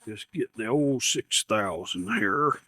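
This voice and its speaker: Slow, low-voiced man rambling. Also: lively intonation, pushed and bright. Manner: rambling, repeats words, self-deprecating humor. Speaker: YouTube maker unboxing camera gear. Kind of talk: casual rambling unboxing talk. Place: home workshop bench.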